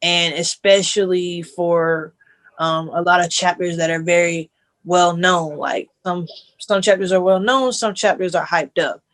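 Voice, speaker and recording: Earnest man with a slightly high voice. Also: fairly even intonation, fairly bright tone. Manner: earnest, halting, many restarts. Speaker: panelist. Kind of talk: panel discussion.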